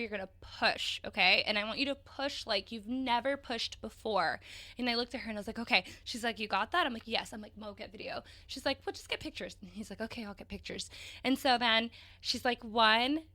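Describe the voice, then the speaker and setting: A young woman co-hosting a podcast, telling a personal story in an animated, emotional way and swearing casually. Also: on the high side. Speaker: podcast co-host.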